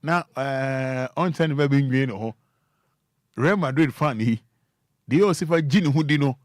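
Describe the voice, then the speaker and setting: A male radio host talks in a casual, animated way, teasing as he comments. His mid-pitched voice is close and dry in the studio mic. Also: no room sound. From Ghana. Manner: animated, teasing, breaks into drawn-out sounds.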